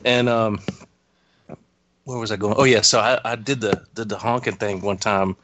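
A man's voice: on the low side, fairly even intonation, moderate pace, a bit bright, no echo, lo-fi sound. A man casually telling a childhood story, swearing freely.

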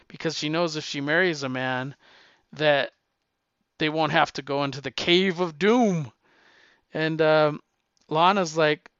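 A man's voice: fairly high pitch, steady tone, measured pace, a bit bright, smooth, no echo, lo-fi sound. A young man casually retelling a story, chatty and amused, with plenty of fillers.

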